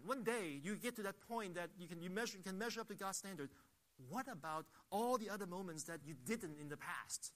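Here a pastor delivers a sermon in a high, fairly bright voice. He's emphatic, leaning on rhetorical questions and repetition to develop each point.

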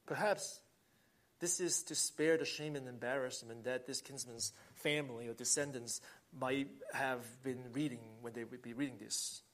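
A man's voice: mid-range voice, fairly bright tone. A man preaching a sermon, earnest, swelling with emphasis and often restarting phrases. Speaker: pastor.

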